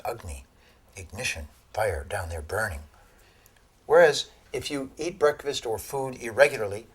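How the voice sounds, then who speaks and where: A man giving a lecture on Ayurveda to an audience, telling animated stories and laughing at his own jokes. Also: on the low side, slight background noise. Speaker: Ayurveda teacher.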